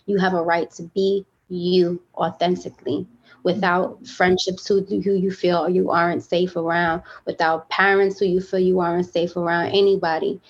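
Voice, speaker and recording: A woman speaking on a podcast in a slightly low voice, heartfelt and emphatic as she talks openly. She leans on fillers and restarts, and the recording sounds a little muffled. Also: flat delivery, normal speed, slightly rough. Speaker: podcast guest. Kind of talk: candid podcast conversation.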